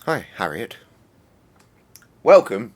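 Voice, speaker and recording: A man's voice: on the low side, big pitch swings, takes it slowly. A man streaming a game, swearing and muttering exasperatedly at it. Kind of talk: casual game-stream commentary.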